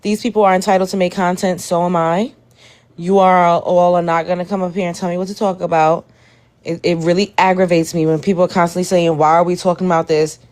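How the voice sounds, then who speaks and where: A woman's voice: on the low side, level tone, a little fast, darkish tone. A woman hosting a live stream, reacting to a video and talking straight to her chat in an exasperated way. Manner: exasperated, addresses chat directly. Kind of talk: casual live stream commentary.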